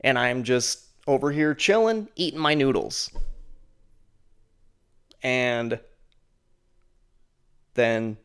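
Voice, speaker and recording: Slow, smooth-voiced man telling a story. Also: animated, a bit bright. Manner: rambling, lots of "like" and "and then"; mocks the friend's lines in a higher voice. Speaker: show host. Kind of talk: casual storytelling.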